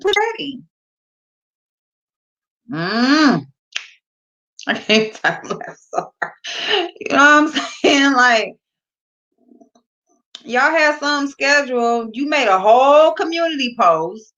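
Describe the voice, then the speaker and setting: A woman's voice: high voice, animated, slow pace, long pauses, a bit bright. Giggly, slangy woman livestream host. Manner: giggly, laughing through her words; slangy, blunt, swears freely. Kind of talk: casual chat with live viewers. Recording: dull lo-fi livestream audio.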